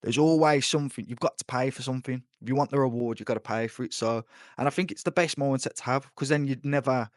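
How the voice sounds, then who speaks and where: A man hosting a podcast, relaxed and emphatic as he shares views and asks questions. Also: mid-range voice, quick pace, no echo, clean studio sound. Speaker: podcast host. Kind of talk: casual podcast interview.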